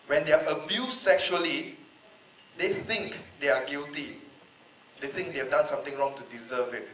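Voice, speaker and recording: A man's voice: fairly high pitch, moderate pace, a bit bright, a little hiss or hum. A man from Malaysia giving an emotional, pleading speech in a public debate, repeating rhetorical questions. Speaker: panel speaker. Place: large echoey hall. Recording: echoey hall, voice a bit far off.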